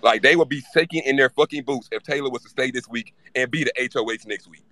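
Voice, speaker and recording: Man guest, bright forceful voice, fast irritated rant, swears freely. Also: medium pitch, no echo. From Louisiana. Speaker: live-stream guest speaker. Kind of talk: casual fan chat.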